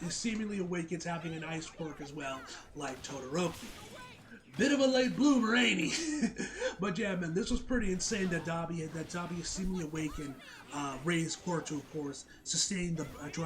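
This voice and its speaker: Young male anime reviewer, slightly high voice, hyped and casual, home mic. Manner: excitable, says "man" constantly, swears.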